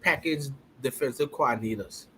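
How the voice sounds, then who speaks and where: A man's voice: mid-range voice, moderate pace, a bit bright, husky. A man co-hosting a casual football talk show, arguing his point in a heated, emphatic, playfully argumentative way. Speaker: podcast co-host.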